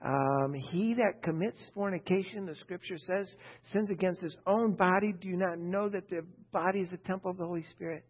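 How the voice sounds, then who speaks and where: A man preaching a sermon from scripture, emphatic and forceful, pressing his listeners with rhetorical questions. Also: sits high, moderate pace, few pauses, slightly rough. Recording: dull, muffled lo-fi sound.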